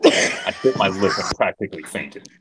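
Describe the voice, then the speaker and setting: A man's voice: fairly low pitch, moderate pace, heavy background noise. A man giving a comedic dramatic reading of fan fiction, breaking into giggles. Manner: expressive, giggling.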